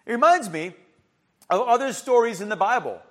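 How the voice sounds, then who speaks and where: Man, preacher, fairly high voice, passionate sermon, rhetorical questions, loud then hushed. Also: animated, normal speed.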